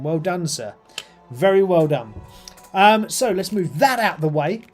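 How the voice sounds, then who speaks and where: A man's voice: high-pitched, animated, measured pace, soft background music. A middle-aged British man casually chatting on his live stream while painting miniatures, rambling with lots of ums and uhs.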